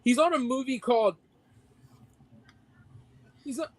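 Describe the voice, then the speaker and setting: A man's voice: very high-pitched, measured pace, dry recording, rough recording. A man co-hosting a casual podcast, delivering a heated, profanity-filled mock rant. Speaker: podcast co-host.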